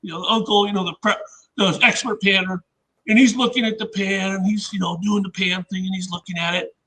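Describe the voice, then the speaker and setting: A man with a squeaky voice, a guest inventor telling rambling anecdotes in casual chat and acting out what others said. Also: fairly even intonation, fairly quick, pushed and bright, slightly rough, rough recording. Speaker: podcast guest, inventor and engineer.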